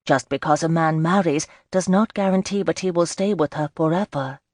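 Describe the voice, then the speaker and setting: A woman narrator plays an earnest young Regency bride with a fairly low, even voice. She speaks frankly and a little defensively. The audiobook sound is dry and close. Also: moderate pace, dry recording. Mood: uncertain. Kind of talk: audiobook character voice.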